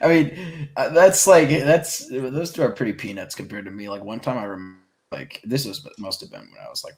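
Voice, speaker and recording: Brief: male podcast co-host, lively swinging pitch, animated, swears freely in casual chat. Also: normal speed.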